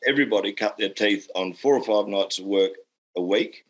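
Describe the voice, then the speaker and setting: A man's voice: lowish voice, a little fast, rough recording. A man with an Australian accent hosting a casual interview, rambling with fillers and restarts. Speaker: host.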